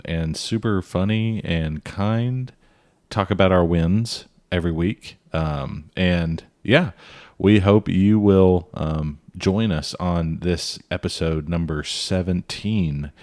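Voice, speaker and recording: A man's voice: deep voice, darkish tone, dry recording. A man co-hosting a casual podcast from home, upbeat and rambling with fillers. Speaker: podcast co-host. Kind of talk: casual chat.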